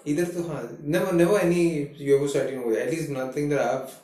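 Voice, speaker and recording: A man's voice: on the high side, steady tone, quick pace, mellow. A man co-hosting a casual podcast chat, rambling with many restarts as he tells stories. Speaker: podcast co-host. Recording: echoey room, far from mic.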